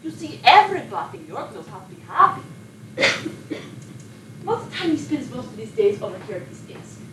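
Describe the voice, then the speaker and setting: An actress playing a sleepless Polish émigré actress who rambles and confides, with a Polish accent, recorded from a distance in an echoey room with noise behind. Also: female voice, a little high, very animated, a little fast. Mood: chatty. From Poland. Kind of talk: film monologue.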